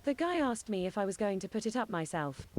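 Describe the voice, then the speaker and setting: A woman in the middle of her range reads viewer comments aloud on a live stream. Her delivery is steady and matter-of-fact, one message after another. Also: medium pitch, brisk. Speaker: co-host reading viewer chat. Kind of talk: reading chat messages aloud.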